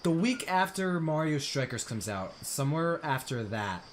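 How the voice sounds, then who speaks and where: A man's voice: a little high, moderate pace, a little hiss or hum. A young man streaming a video game, chatting casually with viewers and groaning at missed jumps. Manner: relaxed chat, bursts of frustration at missed jumps. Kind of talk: casual gameplay commentary.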